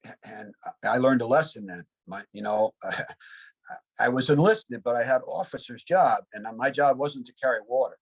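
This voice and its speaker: A man's voice: medium pitch, moderate pace, husky, low-quality recording. A man in his seventies, a Vietnam veteran, telling rambling war stories in an interview with frequent "you know" asides. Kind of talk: reflective war storytelling.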